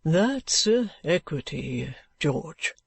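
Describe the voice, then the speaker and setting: A reader voicing a kindly, excitable older gentleman who speaks slowly and earnestly. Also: mid-range voice, gravelly, slightly rough, dry recording, pitched below the performer's own voice, exaggerated voice. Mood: urging.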